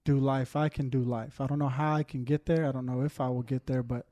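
A man's voice: mid-range voice, steady tone, fairly quick, mellow. A man sharing a heartfelt testimony in casual chat, with many fillers, fighting back tears.

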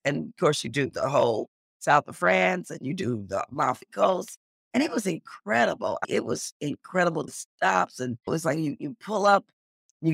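A middle-aged woman telling a story as an interview guest, animated and acting out the dialogue she quotes. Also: creaky, no echo, clean studio sound. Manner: animated, acts out quoted dialogue with big pitch jumps.

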